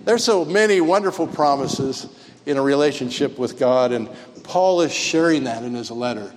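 A man's voice: medium pitch, lively intonation, a little hiss or hum. Man preaching in a reverberant church. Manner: halting, with many fillers. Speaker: pastor. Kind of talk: leading a church sermon.

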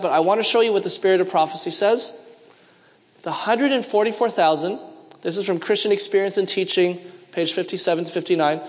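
A high-pitched man preaches a sermon in a church, his voice carried on a long hall reverb. He mixes personal stories with questions that he throws out to the congregation to answer. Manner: storytelling with call-and-response questions.

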